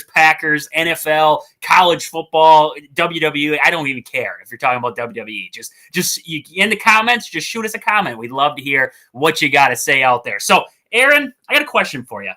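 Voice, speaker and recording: A man hosting a casual sports podcast, talking excitably and rambling as he calls out to viewers. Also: medium pitch. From Wisconsin. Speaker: podcast host.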